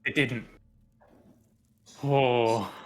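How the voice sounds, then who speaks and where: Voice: mid-range voice, steady tone, extremely slow. A player at a tabletop game, talking casually in a playful way with some swearing. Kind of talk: casual tabletop gameplay talk.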